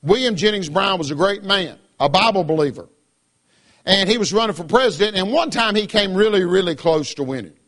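Preacher, male, high-pitched, fervent pulpit delivery, calls for amens. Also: lively intonation, a little fast, a bit bright. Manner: fervent, calls for "Amen?" from the congregation. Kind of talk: sermon.

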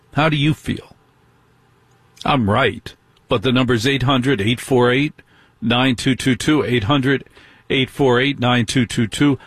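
A man's voice: mid-range voice, a bit bright, breathy edge, dry recording. A middle-aged man hosting a talk radio show, delivering an indignant monologue full of rhetorical questions.

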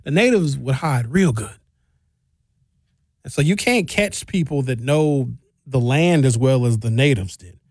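Animated male talk show host. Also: mid-range voice, measured pace, pauses often, no room sound, clean studio sound. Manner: animated, explanatory, jokey.

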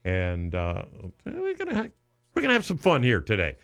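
A man's voice: medium pitch, huge pitch swings, moderate pace, creaky, a bit bright. A man hosting a charity radiothon on the radio, talking earnestly and often restarting with repeated words. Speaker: radio host.

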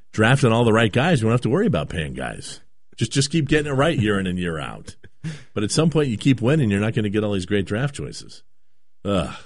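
Male radio host, casual sports chat, halting restarts, dry close sound. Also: on the low side, dry recording.

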